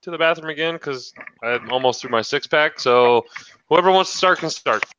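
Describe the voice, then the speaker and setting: A man's voice: fairly high pitch, normal speed, clean tone, no echo, lo-fi sound. A man hosting a casual podcast, telling a story with lots of swearing and laughing. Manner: profane, animated storyteller, laughs often. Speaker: podcast host.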